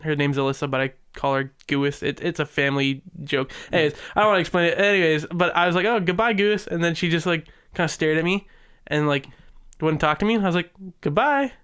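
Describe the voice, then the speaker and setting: A man's voice: a little high, fast, a bit bright, clean tone. A young man co-hosting a podcast, telling long rambling stories full of fillers and acted-out quotes. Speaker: podcast co-host. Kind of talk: casual chat.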